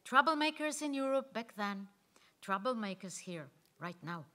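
A woman reading aloud the lines of a loud, bitter woman who stresses every word slowly and forcefully. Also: a little high, lively intonation. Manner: forceful, emphatic, slow stresses.

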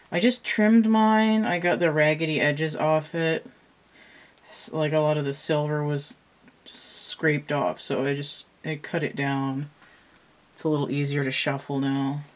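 Rambling woman talking to camera. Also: low-pitched. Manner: rambling, hesitant, many fillers and restarts. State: slightly out of breath. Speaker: channel host and tarot reader. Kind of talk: casual show-and-tell talk to camera.

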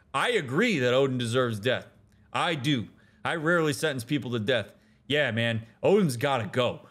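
A man giving casual, animated let's-play commentary as a therapist, talking in slang with restarts and leaping into excited outbursts. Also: mid-range voice. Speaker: therapist commenting on a video game.

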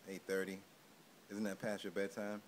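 A man's voice: low voice, monotone, normal speed, a little hiss or hum. A man chatting playfully with a baby, teasing it in mock-tough banter and coaxing it to talk. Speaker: adult playing with a toddler.

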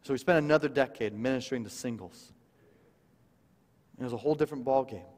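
Preacher in a reverberant church hall. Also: male voice, mid-range voice, fast talker. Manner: dynamic, swings from loud emphasis to hushed quoted lines. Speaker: guest preacher. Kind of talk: sermon storytelling. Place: church sanctuary.

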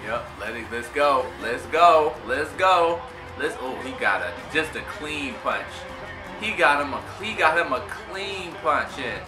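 Excitable man reacting in an echoey room. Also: mid-range voice, a little slow, over music. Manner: excited, laughing, talks back to the players on screen. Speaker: sports reaction video host. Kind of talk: casual reaction commentary.

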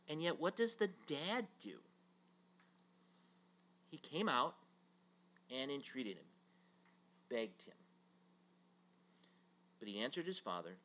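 Guy teaching bible class, bright lively voice, keeps asking the room questions. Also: a little high, takes it slowly, long pauses. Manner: animated storytelling, acts out quotes, rhetorical questions.

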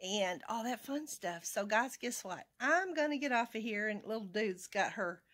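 A woman's voice: on the high side, expressive, moderate pace. A woman from Arkansas, chatting casually and rambling in her vlog. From Arkansas, USA. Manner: rambling, chatty, talks to her cat in a soft baby voice. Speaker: vlogger.

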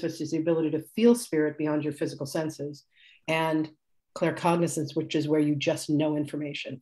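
Her voice sits low with a dark tone. She's a spiritual teacher in her sixties running a live class demonstration, chatting and rambling through stories while laughing often and correcting herself along the way.

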